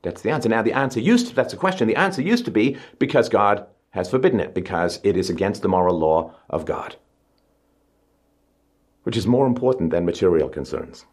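A middle-aged man giving an emphatic public speech, pushing his pitch up on stressed words. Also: lively intonation, fairly quick, a little mellow. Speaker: speaker.

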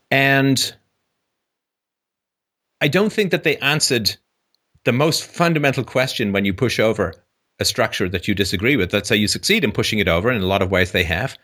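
Guy hosting a call-in show, bouncy lively voice, bright tone, jokes around and restarts a lot. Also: lowish voice. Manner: animated, joking, frequent restarts. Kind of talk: casual call-in conversation.

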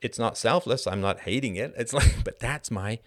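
A middle-aged man hosting a live show, answering chat questions in an animated monologue that keeps tossing in a rhetorical "right?". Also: mid-range voice, moderate pace. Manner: animated, frequent rhetorical "right?", laughs mid-sentence. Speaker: host.

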